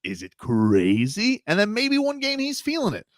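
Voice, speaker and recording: A man hosting a sports talk radio show, emphatic and animated, swinging between loud and quiet. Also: sits high, moderate pace, no echo, studio quality.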